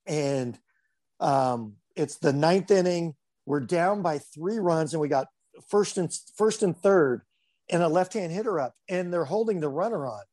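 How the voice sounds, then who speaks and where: In an unhurried, highish voice, a man who coaches baseball tells stories in relaxed conversation. He drifts from point to point and uses lots of fillers along the way.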